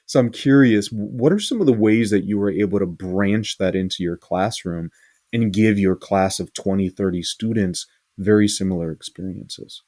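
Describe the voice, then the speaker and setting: A man hosting an interview talks in a low, mellow voice, recorded dry and close. He is earnest and thoughtful, and often restarts a phrase as he works through his ideas. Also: normal speed, no room sound. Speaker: interview host, school leader. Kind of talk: casual interview talk.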